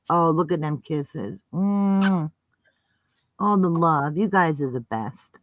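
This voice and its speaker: A woman's voice: deep voice, takes it slowly, no room sound, muffled recording. A woman on a casual live stream, greeting viewers affectionately and laughing often. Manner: warm, giggly, affectionate toward viewers.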